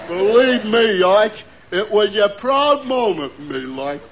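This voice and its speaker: Dopey high-voiced simpleton, naive 1940s radio comedy sidekick, old muffled broadcast. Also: male voice, expressive, a little hiss or hum, heavily acted. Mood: dopey cheerful. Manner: slow-witted, naive comic delivery. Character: dim-witted cheerful grown man.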